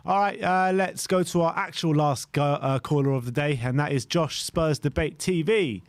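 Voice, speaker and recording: A man's voice: fairly high pitch, normal speed, no echo. A man hosting a casual fan chat show, laid-back and friendly as he brings on callers. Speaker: host.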